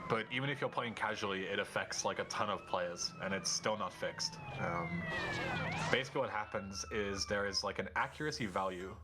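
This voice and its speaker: A man's voice: fairly low pitch, a little fast, very noisy. A man co-commentating a live speedrun stream, rambling with lots of fillers. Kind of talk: casual stream chat. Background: game music.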